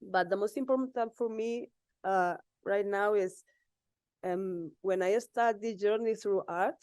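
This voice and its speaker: A woman from Spain with a Spanish accent, giving an unprepared, emotional acceptance speech in halting English with laughs. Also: fairly low pitch, warm tone, clear, resonant tone, no echo. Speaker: award winner.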